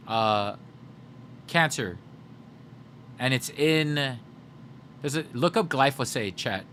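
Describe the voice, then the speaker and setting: A man's voice: mid-range voice, a bit bright, a little hiss or hum. A male game streamer in casual livestream chat, joking and chatty as he reads chat aloud.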